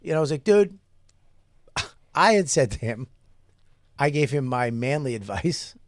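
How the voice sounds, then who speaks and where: A man's voice: medium pitch, normal speed, dry recording. A man co-hosting a radio show, telling a story with lots of laughter and acted-out quotes in casual studio banter. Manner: animated storytelling, laughing often, acting out quotes. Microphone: studio mic.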